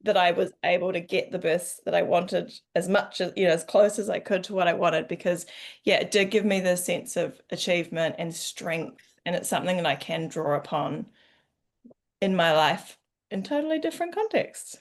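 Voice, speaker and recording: A woman's voice: fairly low pitch, moderate pace. A woman and mother telling a personal story in a casual way, acting out her own thoughts and laughing as she goes. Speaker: guest mother.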